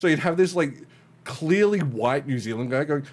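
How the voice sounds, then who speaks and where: A man's voice: a little high, lively intonation, normal speed. A young man hosting a podcast, chatting casually with lots of swearing, laughter and tangents. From Australia. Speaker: podcast host. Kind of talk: casual chat.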